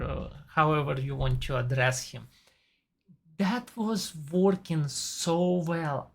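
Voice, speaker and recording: Woman in her forties, non-native English accent, slow and gravelly, easygoing TV-review chat. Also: deep voice. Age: 40s. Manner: chatty, enthusiastic about actors. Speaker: TV and movie reviewer. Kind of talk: casual chat.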